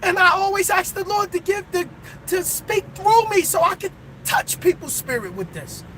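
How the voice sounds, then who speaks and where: A male truck driver giving a motivational pep talk in a preachy way, bursting into shouts, recorded in his truck cab. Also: extremely high pitch, expressive, normal speed, slight background noise.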